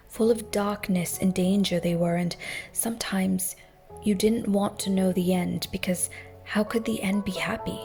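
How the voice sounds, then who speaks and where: A woman voicing a loyal, earnest young male hobbit gardener in an amateur English accent, speaking in a hushed, heartfelt way. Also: medium pitch, vocal fry. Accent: English (put on). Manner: heartfelt, consoling speech.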